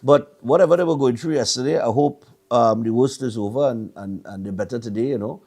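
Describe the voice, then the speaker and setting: Speaking a little fast in a dark, mid-range voice, a middle-aged man with a Trinidadian accent runs a morning show. He's from Trinidad and Tobago and spins stories in loose, rambling chat, stammering over repeated words.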